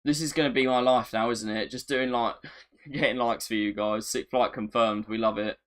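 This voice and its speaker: A man chats his way through a live gaming stream in an easy, mid-pitched voice. He is excitable and self-mocking, and he repeats phrases as he reacts. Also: normal speed. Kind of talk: casual live-stream chat.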